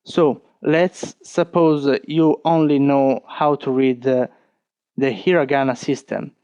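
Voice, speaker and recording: A man with an Italian accent, teaching an online lesson, talking slowly and patiently and counting strokes aloud. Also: medium pitch, fairly even intonation, dark tone, clean tone, no room sound. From Italy. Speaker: language teacher.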